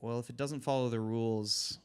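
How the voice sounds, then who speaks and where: A man's voice: medium pitch, moderate pace, clean tone. Young man hosting a sports podcast. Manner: animated, running the segment. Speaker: podcast host. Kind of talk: casual sports chat.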